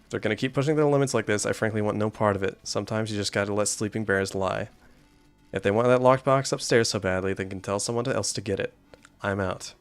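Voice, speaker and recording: A man's voice: lowish voice, quick pace, clean tone, no echo, soft background music. A man streaming a horror game, joking with chat and reading story text aloud. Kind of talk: gameplay commentary and story reading.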